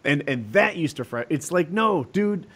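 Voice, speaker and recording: A man's voice: fairly high pitch, moderate pace. A man with a Boston accent hosting a casual podcast chat, telling stories emphatically. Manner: animated storyteller, emphatic. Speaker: podcast host.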